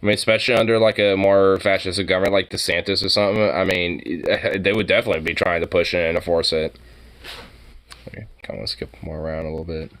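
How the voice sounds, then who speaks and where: A man's voice: deep voice, steady tone, fast, a bit bright. A young man streaming a reaction to a video, rambling and swearing constantly as he mocks what he sees. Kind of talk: profane reaction commentary.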